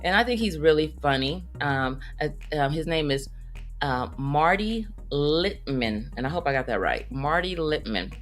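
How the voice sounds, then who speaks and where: A woman comedian telling funny stories in a casual monologue, animated and breaking into high squeaky voices when she quotes people. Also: a little fast, hardly any pauses. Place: Las Vegas.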